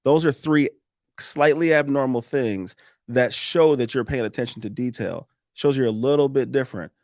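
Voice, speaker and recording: A man guesting on a podcast, talking in a lively coaching way with frequent restarts and laughs. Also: medium pitch, moderate pace, dry recording, clean studio sound. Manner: animated, coaching tone, laughs often, restarts sentences. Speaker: podcast guest, roofing business owner. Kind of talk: casual podcast chat.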